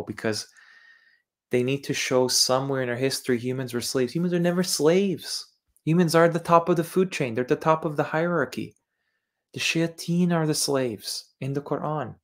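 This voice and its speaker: A man from Eastern Europe hosting a livestreamed religious monologue. He lectures insistently and says words over and over while he explains them. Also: mid-range voice. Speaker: channel host.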